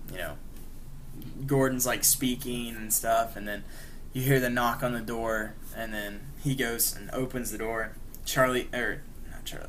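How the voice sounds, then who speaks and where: A man's voice: medium pitch, fairly bright tone, slight background noise. A man co-hosting a podcast, casually retelling a story in a rambling way, full of "like" and "you know". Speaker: podcast co-host. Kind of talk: casual chat.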